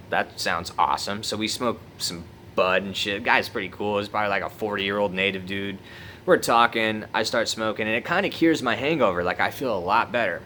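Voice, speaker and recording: A man's voice: lowish voice, pushed and bright, slight background noise. A young man casually telling a story on his vlog, laid-back and heavy on swearing, laughing at himself as he goes. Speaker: vlogger.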